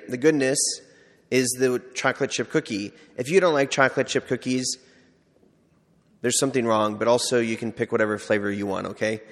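A man preaches in a relaxed, chatty way, acting out small everyday scenes as he teaches. His voice sits at an ordinary middle pitch. It carries a long reverb, as if heard in a large church hall. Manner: conversational, acts out little scenes. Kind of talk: informal sermon with storytelling.

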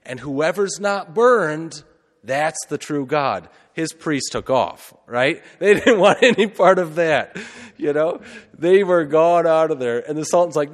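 Priest preaching in a reverberant church. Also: male voice, on the high side, moderate pace. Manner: lively storytelling with asides and rhetorical questions. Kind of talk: sermon.

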